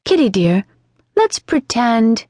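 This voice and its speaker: A woman's voice: a little high, sing-song, slow pace, warm tone, dry recording, full character voice. A woman voicing a chatty, imaginative young girl in an audiobook, earnest and lilting. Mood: coaxing. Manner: earnest, scolding and dreamy by turns, lilting. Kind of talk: audiobook character reading. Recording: dry studio sound.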